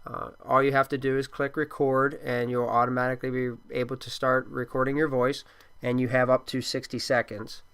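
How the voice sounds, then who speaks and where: A male teacher walking through a software tool in a screen-recorded tutorial, with a plain, steady instructional delivery and the occasional filler. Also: mid-range voice, a little fast, clear, resonant tone. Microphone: computer microphone.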